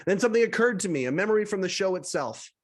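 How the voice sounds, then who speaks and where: A high-voiced man from western Canada reads his own essay aloud as a podcast host. He tells it with animated energy and drops wry asides to his listeners. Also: fast. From British Columbia, Canada. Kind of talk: reading a personal essay aloud.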